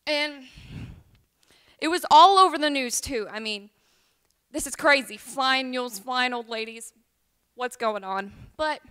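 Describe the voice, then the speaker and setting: Woman, tall-tale storyteller, high voice, smooth and clear, chatty and rambling. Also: expressive, a little slow, sharp tone. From Tennessee. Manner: chatty, rambling, with many ums. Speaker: liar's contest contestant.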